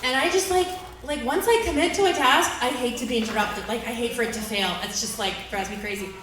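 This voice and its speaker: A woman in her thirties doing stand-up at an open mic, chatty and self-mocking, full of fillers, breaking into loud outbursts when she acts out her own frustration. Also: fairly high pitch, fast talker, slight background noise. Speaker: stand-up comic. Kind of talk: stand-up storytelling. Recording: echoey room, mic heard from far off.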